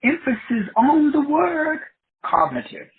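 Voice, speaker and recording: A man's voice: very high voice, very animated, slow. A man hosting a talk show, giving a preachy motivational monologue full of wordplay and repeated phrases. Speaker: podcast host. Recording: tinny phone-like line.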